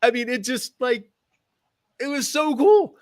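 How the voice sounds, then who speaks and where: His voice is very high with lively intonation and a slightly slow pace as he teaches affiliate marketing in a loose, rambling live-stream chat. The American man, raised in the Midwest and South, speaks General American with many fillers and restarts. The recording is dry and studio quality.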